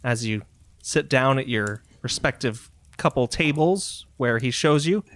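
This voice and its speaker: A man running a tabletop game, narrating scenes in a relaxed, descriptive way. His voice sits at a middle pitch. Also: measured pace, a little hiss or hum. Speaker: game master.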